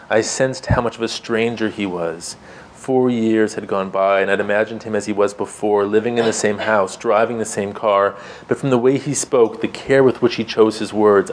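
Guy reading from his memoir, lowish voice, calm and measured, faint hiss behind. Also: low-quality recording. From Canada and the United States. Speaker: author.

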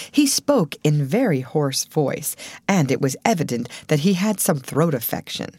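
Low-voiced woman narrating a story. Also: very animated, moderate pace, darkish tone, slightly rough, no room sound. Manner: storytelling reading. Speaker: audiobook narrator. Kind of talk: scripted narration.

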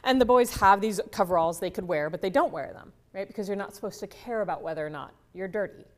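Here the lecturer is fast and mid-pitched, presenting academic material at a conference. Tag questions aimed at the audience punctuate her talk, along with frequent restarts where she repeats words.

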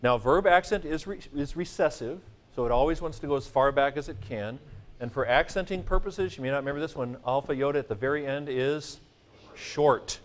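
A man's voice: medium pitch, a little fast. A man teaching a seminary Greek grammar class, joking and chanting mnemonics for his students. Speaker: Greek professor.

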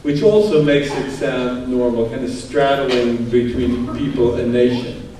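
A man talks slowly through a lecture, with a mellow, unhurried tone as he reads passages aloud and explains them while thinking aloud. His voice sits back from the microphone in a very echoey room, and faint noise hangs underneath. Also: mid-range voice, recorded from a distance. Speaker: Bible translator giving a talk.

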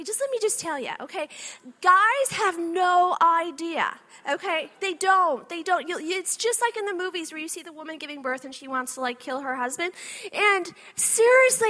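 A woman with a very high, bright voice speaks to a live audience. She gives a faith-based motivational talk, telling animated personal stories and often stopping to ask "okay?". She sounds like she is in her thirties. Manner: animated storytelling with frequent "okay?" asides.

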